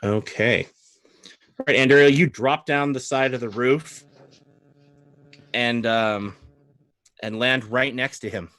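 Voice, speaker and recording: A man's voice: medium pitch, slow pace, pauses often, fairly bright tone, no echo. A man running a tabletop game as game master, playful and teasing with his players.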